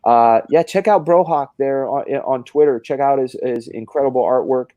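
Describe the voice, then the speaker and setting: A man's voice: medium pitch, moderate pace, dark tone, no room sound, dull audio. A man hosting a casual live stream, telling a rambling story with lots of swearing and restarts. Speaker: stream host.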